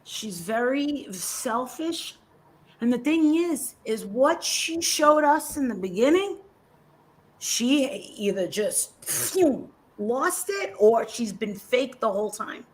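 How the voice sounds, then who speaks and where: A woman's voice: a little high, animated, takes it slowly. A woman commentator on a casual livestream, ranting with outrage and heavy swearing.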